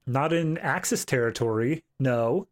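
A man's voice: mid-range voice, unhurried, noisy background. A man co-hosting a podcast, chatting about a film with jokey asides. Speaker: podcast co-host. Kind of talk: casual film review chat.

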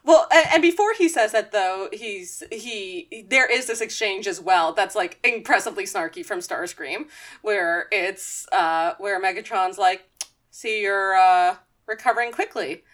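A woman co-hosting a podcast in casual chat, animated and snarky, often laughing as she retells scenes. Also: mid-range voice, a little slow. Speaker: podcast co-host.

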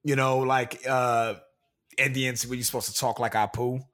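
A man's voice: mid-range voice, little pitch movement, normal speed, a bit bright. Earnest young man venting frustration. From Pennsylvania, USA. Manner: earnest, frustrated, speaks properly. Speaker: podcast co-host. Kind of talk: casual podcast chat.

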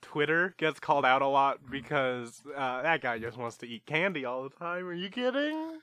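A man's voice: medium pitch, big pitch swings, normal speed, sharp tone, clean tone, no room sound. A man co-hosting a podcast, talking in a hesitant, rambling, playfully defensive way in casual comedic chat. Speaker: podcast co-host.

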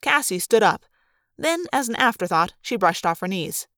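A woman narrates a story aloud in a lively first-person voice. Her pitch sits in the middle range. The sound is close and dry, with no room around it. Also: moderate pace, no echo. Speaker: audiobook reader. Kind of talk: read-aloud fan narration.

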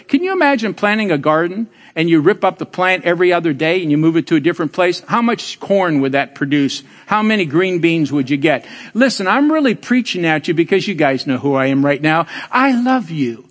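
Older pastor guy preaching, kinda high voice, joking with the church, big echoey hall. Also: animated, normal speed, fairly bright tone. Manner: storytelling, teasing the congregation; emphatic preaching with rising exclamations. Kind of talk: sermon. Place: church sanctuary. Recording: long hall reverb.

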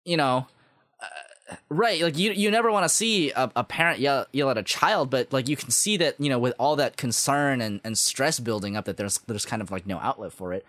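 A man's voice: medium pitch, animated, moderate pace, a bit bright, no echo, studio quality. A man chatting casually about a show, rambling with many fillers and restarts, enthusiastic about what he likes. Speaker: podcast co-host discussing an anime. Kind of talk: casual chat.

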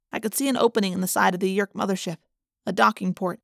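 A woman reading a first-person audiobook in a steady, measured storytelling voice. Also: medium pitch, vocal fry, dry recording. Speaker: audiobook narrator.

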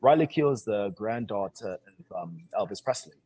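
Husky man with a put-on English accent. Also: lowish voice. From Sierra Leone. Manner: energetic, boastful, quick-talking. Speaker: actor, guest co-host. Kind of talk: casual interview chat.

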